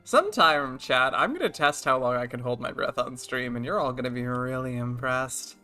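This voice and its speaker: Young woman streamer, playful and jokey, lowish voice, chatting on mic. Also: animated, moderate pace, bright, forceful tone, faint music behind. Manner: playful, joking, bursts of laughter. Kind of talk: casual stream chat.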